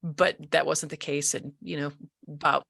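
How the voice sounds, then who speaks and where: A woman in her forties from Colorado, a guest telling her story in a casual interview, animated, acting out the voices she quotes, with frequent restarts. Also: low-pitched, normal speed, creaky, breathy edge, no room sound, studio quality.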